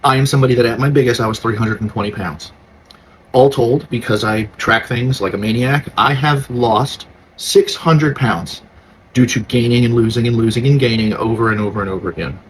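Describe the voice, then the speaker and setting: A man's voice: medium pitch, steady tone, fast, a little hiss or hum, low-quality recording. Frank, exasperated man on weight loss. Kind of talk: casual talk on weight loss.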